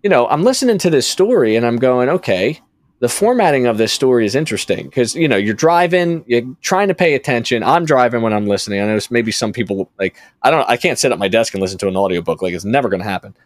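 A man hosts a casual podcast chat in a dry studio. He rambles, stops himself mid-thought and circles back to his point. His pitch sits in the middle of the male range. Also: lively intonation, fast, few pauses, dry recording. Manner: rambling, self-interrupting storyteller. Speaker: podcast host.

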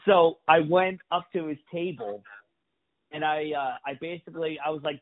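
A man with a fairly high voice spins a rambling, profane anecdote, voicing each person he quotes as he goes. The sound is thin and phone-like. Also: moderate pace. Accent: New York. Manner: profane, animated storytelling with acted-out quotes. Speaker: comedian guest. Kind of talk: casual storytelling. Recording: phone-like lo-fi audio.

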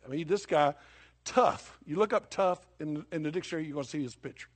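A husky-voiced older man delivers a sermon like he is talking across a kitchen table. His homespun storytelling keeps breaking into sudden emphatic punches, then drops back to plain talk. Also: fairly high pitch, brisk. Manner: folksy, conversational storytelling with sudden bursts of emphasis. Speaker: preacher.

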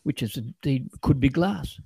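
A man's voice: mid-range voice, lively intonation, normal speed, vocal fry, dark tone, slightly rough, no room sound, clean studio sound. A man co-hosting a podcast, chatting eagerly about a film, often trailing off mid-thought. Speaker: podcast co-host. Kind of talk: casual chat about films.

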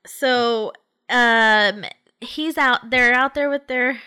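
A woman's voice: fairly high pitch, very slow, pushed and bright, smooth. A woman in casual conversation, animatedly retelling a story with many fillers and quoted dialogue.

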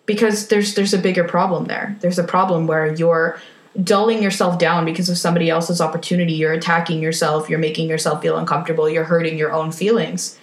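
A woman's voice: fairly low pitch, level tone, a little fast, reverberant. A woman giving a frank, emphatic motivational talk, swearing casually as she speaks. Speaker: self-help speaker.

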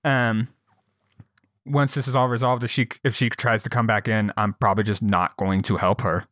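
A man's voice: fairly low pitch, normal speed, no room sound. Candid young man, dry close sound. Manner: candid, swears freely, animated storytelling. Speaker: podcast co-host. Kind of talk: casual chat.

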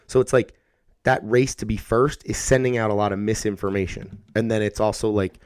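A man's voice: lowish voice, a little fast, clean tone, no room sound. Guy in his 30s rambling on a podcast, cursing a lot, dry close mic. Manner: rambling, animated, swears freely, acts out kids' voices. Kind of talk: casual chat.

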